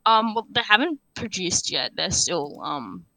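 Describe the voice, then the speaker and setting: A young woman chats as a guest on a podcast. Her voice is bright and her pitch moves around a lot, and she talks in a matter-of-fact way with plenty of fillers. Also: sing-song, measured pace, creaky, no room sound, low-quality recording. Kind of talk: casual chat.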